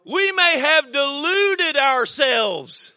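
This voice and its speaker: A man preaching a sermon in a folksy, storytelling way, repeating words and now and then breaking into shouts. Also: very high voice, animated, drawn-out words, no echo, dull audio. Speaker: pastor.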